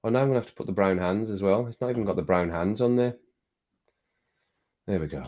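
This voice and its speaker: This livestream host has a lowish, mellow voice and talks fast. He reads viewer comments aloud in a rambling, jokey manner, occasionally getting worked up.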